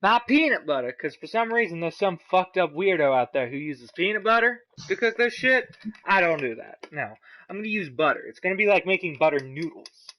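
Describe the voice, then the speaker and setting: A man's voice: a little high, expressive, brisk, hardly any pauses, a bit bright. A man hosting a casual cooking vlog, rambling and swearing as he talks through each step. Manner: rambling, profane, chatty.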